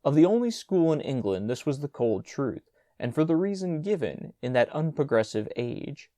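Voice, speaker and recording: A man reading a classic story aloud as an audiobook, his delivery lively and full of rises and falls. His tone is mellow, and the recording is dry and close with no room sound. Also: on the high side, normal speed, dry recording. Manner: expressive storytelling. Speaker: narrator.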